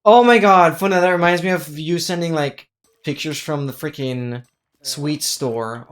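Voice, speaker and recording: Live game streamer, excitable, chatty, exclamatory, thanks followers. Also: medium pitch, unhurried.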